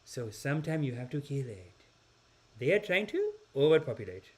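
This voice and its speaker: A man voicing a sweetly polite young male relative who speaks calmly and repeats himself. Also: high voice, normal speed, husky, voice pushed up, heavily acted. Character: overly polite young man with chilling views.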